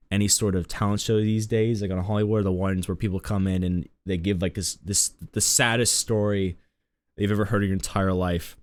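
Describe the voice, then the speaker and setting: A man's voice: lowish voice, no room sound. A man streaming live, chatting casually and rambling to his viewers.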